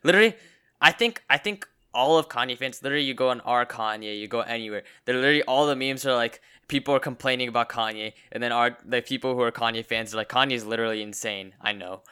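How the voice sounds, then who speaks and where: A man's voice: mid-range voice, quick pace, pushed and bright, clean tone. A young man in casual chat as a podcast co-host, stammering and restarting his sentences often.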